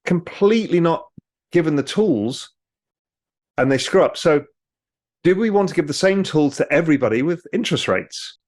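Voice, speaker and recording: A man, a guest in an interview, explaining with lively storytelling. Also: a little high, normal speed, long pauses. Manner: animated storyteller, mimics people in quotes. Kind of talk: casual interview talk.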